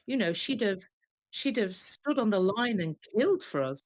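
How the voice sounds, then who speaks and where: A woman singer tells stories in an interview, her pitch leaping all over as she acts out what people said. The sound is dry and close, with no room around her. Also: moderate pace, no room sound. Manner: lively, animated anecdotes with acted-out quotes. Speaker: guest singer. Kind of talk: storytelling interview.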